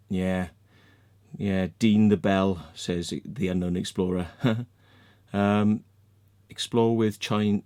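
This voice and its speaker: In a lowish, darkish voice, a man delivers an angry ranting monologue to his vlog's viewers. Sarcastic and mocking, he swears a lot and keeps closing his points with "yeah?" or "right?"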